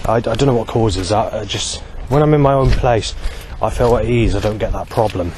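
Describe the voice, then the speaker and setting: A man talking alone to camera in a rambling monologue, halting often to search for words. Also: lowish voice, darkish tone, slight background noise. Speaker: vlogger.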